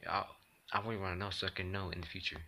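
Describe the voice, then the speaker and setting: Curious begging kid, a man doing it, low, hushed, rushing. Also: flat delivery, a little hiss or hum, full character voice. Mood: pleading. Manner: quiet pleading, rushed. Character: curious pleading young child. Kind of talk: comedy sketch acting.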